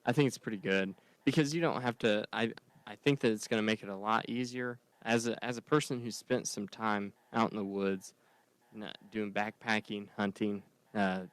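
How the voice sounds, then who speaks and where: A man co-hosting a casual political podcast, talking earnestly in quick bursts and laughing. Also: on the low side, fairly even intonation, clear, resonant tone, no room sound. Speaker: podcast co-host.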